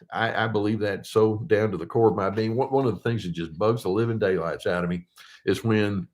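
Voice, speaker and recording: Older male therapist-host, lower voice, gentle and reflective, lots of hesitant restarts. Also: fairly quick. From United States. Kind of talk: casual advice talk to viewers.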